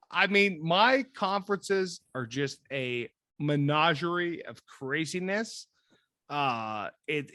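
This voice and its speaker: Male podcast co-host, bright and punchy, excitable, swears and laughs, dry close sound. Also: fairly high pitch, no echo. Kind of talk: casual chat. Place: recorded drinking whiskey with co-host.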